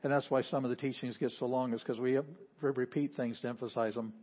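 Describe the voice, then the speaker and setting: A pastor preaching a sermon, explaining patiently and repeating phrases for emphasis. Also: male voice, medium pitch, steady tone, fast. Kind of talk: sermon teaching. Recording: slightly dull lo-fi audio.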